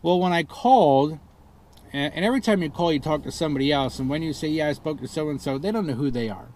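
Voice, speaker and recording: Speaking fast in a slightly high, slightly mellow voice, a man tells a frustrated story about buying a car that went wrong. There's slight background noise as this casual complaint vlog unfolds. He relives a phone ordeal with mounting indignation, exasperated and mimicking those he quotes.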